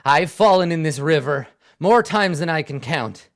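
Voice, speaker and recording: Guy playing a big gruff commander, suspicious, slower and louder than his usual talk, tabletop game. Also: on the high side, animated, natural voice. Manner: gruff and suspicious, easily distracted. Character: stern but bumbling hulking male camp commander.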